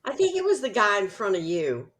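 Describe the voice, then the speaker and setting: A woman's voice: mid-range voice, wildly swooping pitch, a little fast, a bit bright. An older woman, the host's mother, chiming in during casual chat and adding her own side of the stories. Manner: chimes in and interrupts, exclaims "oh my Lord".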